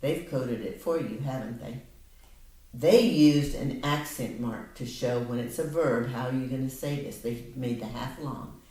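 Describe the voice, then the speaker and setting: A woman tutoring a child one-on-one in a reading lesson, patient and coaxing, slowing down to model words. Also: extremely low pitch, warm tone. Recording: echoey room, mic at a distance.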